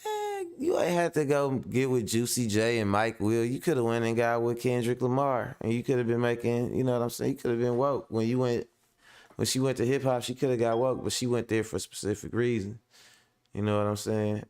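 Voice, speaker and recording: A man's voice: medium pitch, animated, brisk, a little mellow, smooth. A man hosting a casual live stream, talking in a loose, rambling, slangy way and laughing often, a little under the weather. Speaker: host of a commentary stream.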